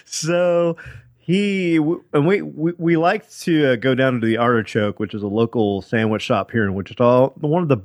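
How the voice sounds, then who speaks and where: A man co-hosts a casual podcast, working through a story in a rambling, stop-start way. His voice sits in a middle pitch, recorded dry and close. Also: dry recording. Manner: rambling, halting, with many restarts. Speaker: podcast co-host.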